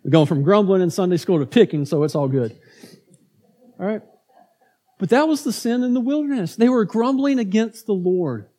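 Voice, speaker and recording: Bright-pitched pastor preaching. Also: male voice, expressive, moderate pace. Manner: conversational, asks the congregation questions, acts out grumbling crowds. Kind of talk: sermon.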